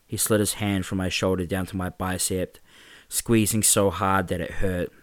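A man narrating a first-person story in a steady, plain storytelling manner. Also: sits low, dry recording.

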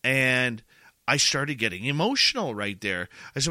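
Middle-aged man, radio host, rambling emotional storyteller, very bright tone, dry close sound. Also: medium pitch, expressive, a little slow, dry recording. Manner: rambling and emotional, repeats words. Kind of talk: casual storytelling chat.

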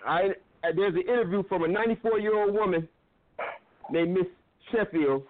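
Male guest on a call-in show, fervent storyteller, fairly high voice, tinny phone audio. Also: normal speed. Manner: preacherly, storytelling, repeats phrases for emphasis. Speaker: guest, filmmaker. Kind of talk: impassioned talk-show monologue.

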